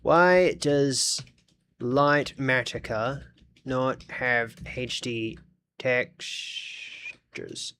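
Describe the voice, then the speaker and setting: Australian male streamer, mid-pitched, rambling and chatty, talks to chat as he tinkers. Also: extremely slow, fairly bright tone, clean tone. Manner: chatty, thinks aloud, talks to chat while fiddling with the game. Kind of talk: casual live-stream chat.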